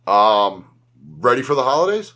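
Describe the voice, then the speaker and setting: A man hosting a casual late-night podcast with an average-pitched voice. He rambles, starts sentences over and laughs easily. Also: big pitch swings, normal speed, pushed and bright. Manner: rambling, laughing, restarts often. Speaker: podcast host. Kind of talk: casual chat.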